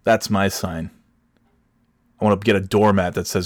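A man's voice: low voice, fairly even intonation, normal speed, no room sound, clean studio sound. A middle-aged man hosting a podcast, ranting alone in a sarcastic, profane way. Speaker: podcast host. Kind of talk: solo comedic rant.

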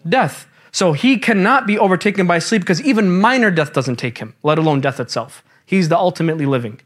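A man teaching a lively religious class, quizzing the students and mixing in casual slang. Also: sits high, brisk. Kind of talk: interactive classroom lecture.

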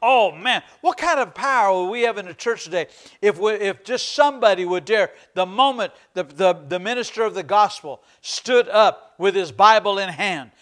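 A man's voice: sits high, expressive, normal speed, a bit bright. A man preaching a sermon as pastor, fervent and emphatic, repeating phrases for stress.

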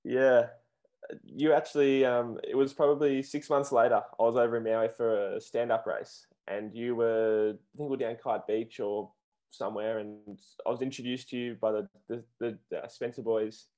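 A man hosting a podcast, chatting in a relaxed way about his own memories. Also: medium pitch, moderate pace. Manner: relaxed, rambling, with many fillers. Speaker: podcast host. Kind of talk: casual chat.

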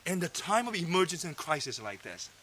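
A man preaching a sermon, fervent and emphatic, sometimes dropping to a low hush. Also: big pitch swings, brisk, a little hiss or hum. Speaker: pastor. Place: fellowship meeting hall.

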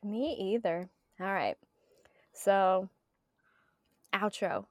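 A woman with a Southern US accent hosting a casual podcast chat, animated and quick to laugh. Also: mid-range voice, dry recording. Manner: animated, laughs often, fond of mimicking. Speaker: podcast host.

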